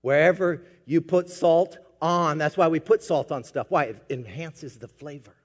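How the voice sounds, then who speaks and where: A man preaching a sermon as pastor, swinging from quiet asides to loud emphatic peaks. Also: on the high side, unhurried, long reverb tail.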